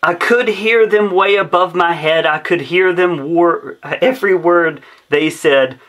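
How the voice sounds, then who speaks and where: A man's voice: high voice, unhurried, fairly bright tone. A man reading a rhyming children's story aloud in a rhythmic, sing-song way. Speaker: storybook reader.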